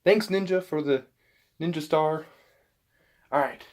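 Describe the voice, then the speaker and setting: A man vlogging casually, excitable and swearing, talking to himself and his dog. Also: a little high, measured pace, a little hiss or hum. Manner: excitable, swears, yelps and shouts at misses. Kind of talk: casual self-talk while filming.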